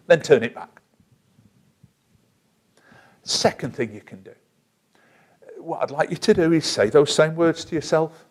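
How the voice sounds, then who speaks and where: A man teaching a self-help technique in a calm, guided way, slowing down to give step-by-step instructions. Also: fairly high pitch. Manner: measured and gentle, slows down to give instructions.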